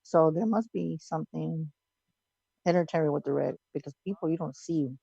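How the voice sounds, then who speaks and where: A radio host chatting casually with a caller, answering with quick asides. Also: medium pitch, vocal fry, warm tone, slightly rough, dry recording. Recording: dull lo-fi sound.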